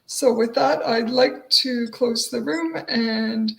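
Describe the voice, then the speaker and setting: A woman co-hosts a live online panel, her slightly high voice gravelly with fry. She talks haltingly and fills the gaps with uhs and ums. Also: a bit bright, low-quality recording. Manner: halting, many filler words. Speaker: co-host.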